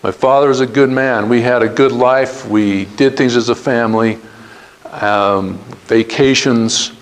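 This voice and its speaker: A man's voice: medium pitch, poor audio. A middle-aged man, telling his career story as a guest speaker to students and acting out quoted dialogue. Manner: earnest anecdotal storytelling, acts out quoted dialogue.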